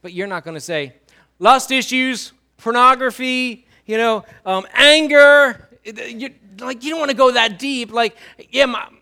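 A man preaching a sermon in a church, swinging between loud emphasis and quiet low lines and drawing answers from the congregation. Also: moderate pace, creaky, hardly any pauses. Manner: asks the congregation questions and writes on a whiteboard. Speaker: pastor.

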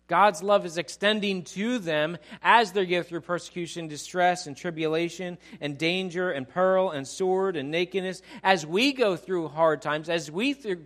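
Man, pastor, sermon, lively preaching, fairly high voice, acts out voices. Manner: animated preacher who acts out quoted voices and asks the congregation to repeat lines.

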